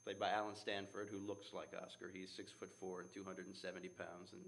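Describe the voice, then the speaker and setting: A man's voice: sits low, completely flat delivery, fairly quick, fairly bright tone. A man, a theater's artistic director, answering interview questions with enthusiasm and telling stories. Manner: enthusiastic, storytelling.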